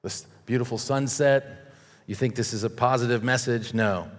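A man's voice: mid-range voice, normal speed. Man, preacher, sermon, earnest warnings, scripture reading, long hall reverb.

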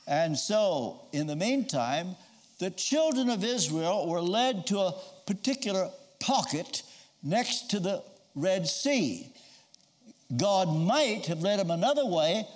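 Male preacher, high and very animated delivery, dramatic storytelling sermon. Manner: storytelling, acting out quoted voices.

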